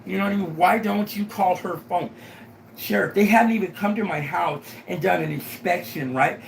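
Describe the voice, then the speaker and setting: A man's voice: sits high, normal speed, vocal fry, reverberant, slight background noise, poor audio. A man making a rambling complaint to a sheriff, often asking "right?" to check he is followed.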